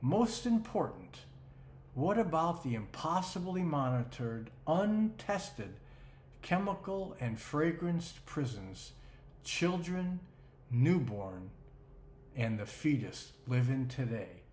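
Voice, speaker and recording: A man's voice: a little high, big pitch swings, takes it slowly, a little mellow, slight background noise. A man giving an emphatic, rhetorical scripted narration. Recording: roomy echo.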